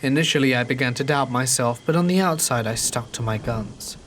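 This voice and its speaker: A man reading a true horror story aloud in a calm, measured storytelling manner. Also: medium pitch, a little hiss or hum. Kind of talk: scripted narration. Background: faint rain.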